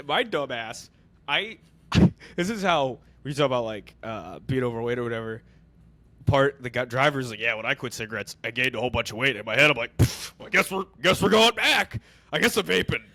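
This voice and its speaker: Young male podcast co-host, bright and animated, comedic riffing with goofy high-pitched quote voices. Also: a little fast. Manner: jokey, slips into exaggerated high voices for quotes. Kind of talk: casual comedic chat.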